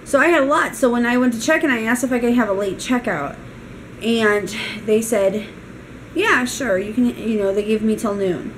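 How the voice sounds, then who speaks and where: A young woman vlogging, retelling a bad weekend in an animated, exasperated way. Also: on the high side, fairly quick, slight background noise, rough recording. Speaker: mom vlogger. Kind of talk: casual storytime vlog.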